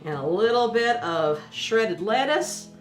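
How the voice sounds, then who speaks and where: A woman's voice: medium pitch, lively intonation, unhurried, echoey room, faint music behind. A woman hosting a home cooking show, talking through a recipe in a folksy, chatty way and laughing often. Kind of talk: casual cooking demonstration.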